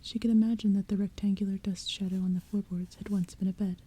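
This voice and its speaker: Whispered role-play: woman softly reading, dark tone. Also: medium pitch, flat delivery, husky. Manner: soft unvoiced whisper, slow and hushed. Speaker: ASMR audiobook reader. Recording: faint rain sounds behind. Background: soft rain and thunder.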